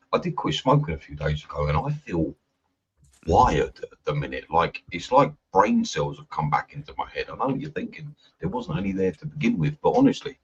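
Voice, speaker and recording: A man guest, excitable and rambling, repeating his words. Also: low-pitched, slightly rough. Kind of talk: casual chat. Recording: muffled lo-fi mic.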